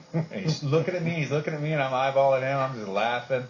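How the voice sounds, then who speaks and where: A man's voice: mid-range voice, quick pace. A man boastfully recounting a standoff in casual chat. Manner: laughing, boastful. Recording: muffled lo-fi recording, faint hiss.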